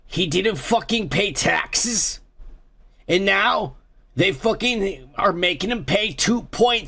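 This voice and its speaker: A man's voice: on the high side, animated, a little slow, gravelly, fairly bright tone. A man hosting a comedy podcast, ranting crudely about the news and raising toasts while drinking. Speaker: podcast host. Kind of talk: profane comedic news rant.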